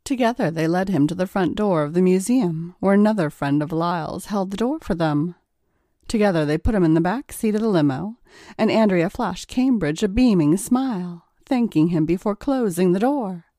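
A woman narrating an erotic story in a calm, measured storytelling manner. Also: fairly low pitch, dry recording, clean studio sound.

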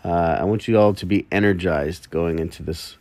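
A man's voice: low voice, normal speed, darkish tone, no echo. A man hosting a solo podcast, rambling casually and mocking himself with jokey asides in the early morning. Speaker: podcast host.

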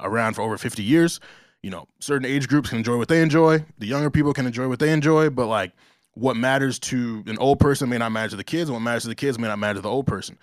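A man's voice: medium pitch, no room sound, clean studio sound. A man from New Jersey co-hosting a casual talk show, rambling with lots of "like" and restarts. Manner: conversational, filler-heavy with restarts. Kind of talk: casual chat.

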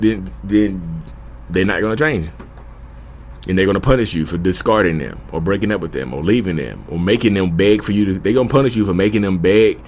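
Earnest low-voiced man with lilt. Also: slight background noise. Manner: earnest, repetitive, addresses listeners as y'all. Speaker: YouTube host. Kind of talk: casual direct-to-camera advice talk.

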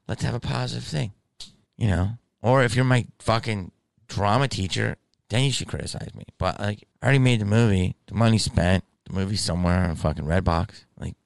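A deep-voiced man with a gravelly edge talks in a loose, profane ramble. He tells stories from a convention in a casual monologue to camera, recorded dry and close with no room sound. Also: no echo. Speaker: stand-up comedian and convention guest.

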